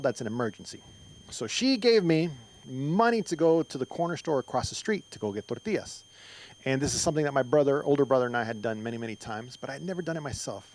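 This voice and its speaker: A man's voice: medium pitch, low-quality recording. A middle-aged man from Mexico doing a stand-up comedy set on a club stage, rambling through stories with lots of fillers and restarts. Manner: rambling, filler-heavy storytelling with frequent restarts.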